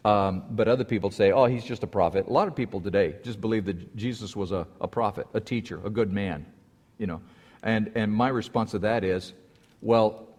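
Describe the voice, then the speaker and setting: A man preaching a sermon, telling a story with lively rises in pitch when he acts out quoted voices. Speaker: pastor. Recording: long hall reverb.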